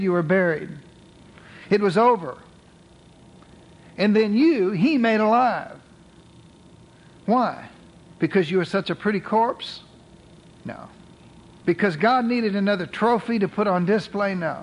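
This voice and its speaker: A man preaching a sermon as pastor, reading scripture slowly and with emphasis. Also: high voice, rough recording.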